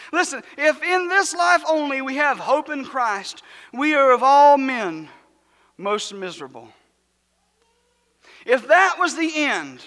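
A man preaching a sermon as pastor, in a rhythmic cadence that swells to shouts and sinks to a hush. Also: very high voice. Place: church sanctuary. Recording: long church hall reverb.

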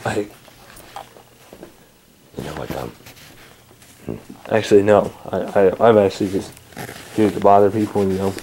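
A man's voice: deep voice, animated, normal speed, pauses often, mellow, a little hiss or hum. A man bickering and stammering through a homemade comedy skit in which he plays several characters.

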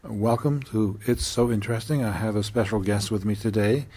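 A man with a low, husky voice hosts a casual interview. He cuts in often with short clarifying questions and keeps the conversation moving. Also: fairly even intonation, normal speed, mellow. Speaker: interview show host.

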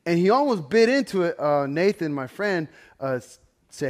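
A man with a slightly higher-than-average voice leads a Bible study in a loose, chatty sermon. He tells stories animatedly, swinging between loud and quiet, and keeps asking his listeners "right?". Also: expressive, normal speed. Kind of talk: casual sermon storytelling.

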